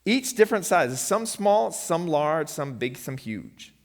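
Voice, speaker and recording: A man, a pastor, teaching a church finance lesson in a lively storytelling way and quizzing his audience. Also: a little high, a little slow, a little hiss or hum. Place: church hall. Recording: long hall reverb.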